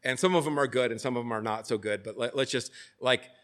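A man's voice: medium pitch, fast, fairly bright tone. A man giving a casual, conversational sermon, full of fillers and restarts, who now and then acts out the voices he quotes. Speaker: preacher.

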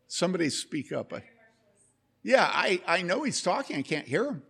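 A man's voice: high-pitched, big pitch swings, normal speed, vocal fry, fairly bright tone, husky. A man preaching a sermon, telling a story with lots of energy and asking the congregation questions. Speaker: pastor.

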